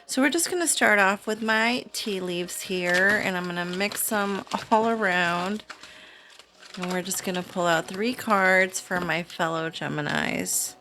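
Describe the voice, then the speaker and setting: A woman with a slightly low voice talks her viewers through a weekly card reading. She speaks slowly and unhurriedly, in a soothing and chatty way, like a host used to talking to her regular audience. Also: bright, forceful tone, slight background noise. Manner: slow, soothing, chatty with small laughs. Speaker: tarot reader, channel host. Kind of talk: casual spiritual reading to camera.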